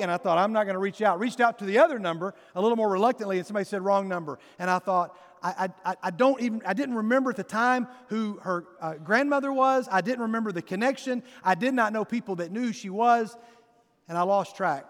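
A man delivers a sermon from the stage with a high voice that rings through a large church hall. He tells his story with animation and slips into the voices of the people in it. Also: fast. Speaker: pastor. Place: church sanctuary.

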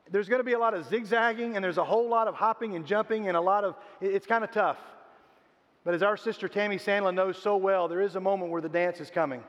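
Older man, pastor, sermon, storytelling, high voice, dull lo-fi recording. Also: fairly bright tone. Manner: storytelling, acts out quoted voices. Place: church sanctuary. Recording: reverberant hall, dull lo-fi sound.

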